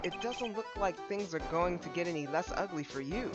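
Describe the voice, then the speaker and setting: A woman's voice: fairly low pitch, expressive, fairly quick, over music, close to an everyday voice. A woman reading the lines of a young male defense attorney in a dry, wary way, close to her own voice.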